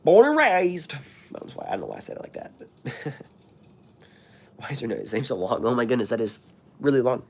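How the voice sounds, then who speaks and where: A man's voice: medium pitch, expressive, fairly quick, creaky, pauses often, a little mellow. Sick american guy, scratchy sore throat, rambly streamer talk full of you knows. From United States. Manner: rambling, many fillers and restarts. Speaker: channel host. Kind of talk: live stream chat, reading comments.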